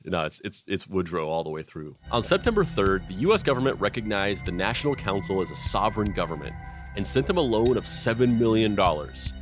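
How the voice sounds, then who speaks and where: A man hosting a history podcast, narrating events and slipping into deadpan absurd jokes. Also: lowish voice, a little fast, faint music behind.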